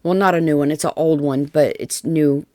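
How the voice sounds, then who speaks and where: A woman's voice: sits low, fairly even intonation, moderate pace, warm tone, no room sound, studio quality. Chatty Southern woman crafting. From Tennessee. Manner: chatty, folksy, rambling with fillers. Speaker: DIY crafts vlogger. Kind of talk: casual voiceover narration of a craft project.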